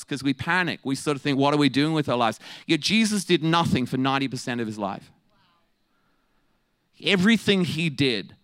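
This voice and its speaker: A male preacher delivers a lively sermon full of jokes and quick asides. His voice sits a little high and keeps shifting between playful bursts and slower, weightier points. The recording is dry, with almost no room sound. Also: no room sound. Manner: humorous, animated, quick asides with laughs.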